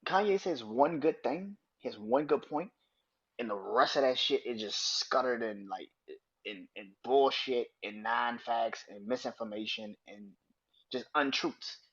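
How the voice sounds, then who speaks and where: A man hosting a solo podcast, ranting in a profane, animated and emphatic way. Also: medium pitch, unhurried, slightly rough, dull audio. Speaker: podcast host. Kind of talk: opinionated solo podcast rant.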